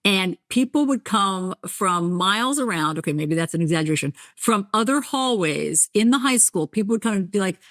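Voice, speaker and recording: A middle-aged woman from New Jersey with a light New Jersey accent, a journalist telling stories as a podcast guest, animated and self-deprecating. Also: mid-range voice, moderate pace, hardly any pauses, no room sound, clean studio sound. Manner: animated storyteller, acts out voices, self-deprecating. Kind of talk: candid conversational interview.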